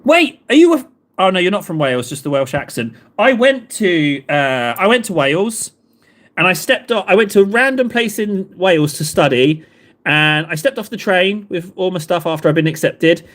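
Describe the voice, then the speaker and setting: A man's voice: sits high, animated, moderate pace, a bit bright. A man, chatting casually with live viewers in a rambling, self-deprecating way. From England. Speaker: livestream host.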